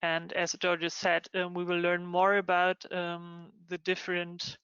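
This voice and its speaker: A woman's voice: fairly low pitch, monotone, measured pace, a bit bright, clear, resonant tone, no echo. A woman moderating a project webinar online, speaking with many hesitant ums. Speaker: session moderator. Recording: dull lo-fi online call.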